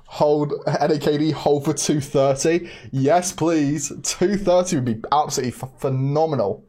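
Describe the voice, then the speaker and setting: A young man hosting a casual livestream, chatty and excitable, laughing often and talking straight to his chat. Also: on the high side, normal speed. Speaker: livestream host.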